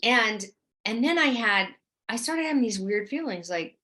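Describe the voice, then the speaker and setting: Appearing as an interview guest, this middle-aged New Orleans actress talks easily about her experiences. Her manner is lively and chatty, and she readily performs others' words in a higher voice.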